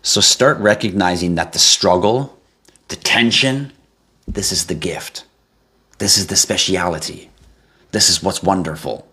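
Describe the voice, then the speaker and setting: A man hosting a live stream, reading viewer comments in a casual, animated way, laughing and swearing now and then. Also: a little slow, pauses often, husky. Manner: animated, laughs and swears, jumps to high yelps for effect. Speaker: livestream host.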